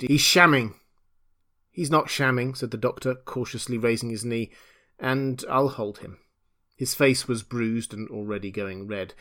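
A man reading a classic novel aloud in measured, dramatic storytelling narration. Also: lowish voice, a bit bright. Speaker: audiobook reader.

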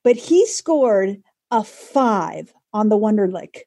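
A woman's voice: medium pitch, sing-song, takes it slowly, warm tone, dry recording, clean studio sound. A woman co-hosting a podcast, talking casually with hesitant starts. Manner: hesitant, many fillers and restarts. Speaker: podcast co-host. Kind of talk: casual chat.

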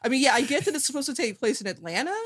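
A woman co-hosting a casual movie review chat, animated and blunt, laughing as she talks. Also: sits high, rapid-fire, slightly rough, no echo. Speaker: podcast co-host.

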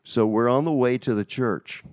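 An older man from Texas, a guest telling rambling, animated stories in a casual interview. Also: mid-range voice, moderate pace. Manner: rambling, restarts, animated storyteller.

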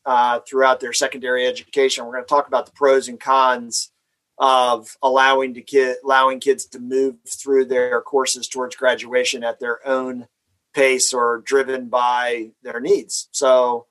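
A man in the host's chair of a casual podcast, relaxed and chatty, his voice sitting at an everyday middle pitch. He reads the sponsor lines briskly, then slips back into easy banter with his co-hosts. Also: poor audio. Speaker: podcast host.

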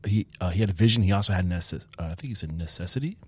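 Fast, husky-voiced male host. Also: low voice, expressive, dry recording. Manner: quick follow-up questions. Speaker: podcast host. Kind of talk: casual interview questions.

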